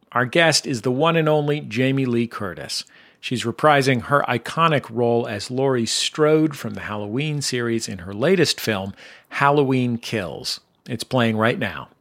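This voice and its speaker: A man hosting a radio show, giving a smooth, measured broadcast delivery. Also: mid-range voice, fairly bright tone. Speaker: radio host. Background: music bed.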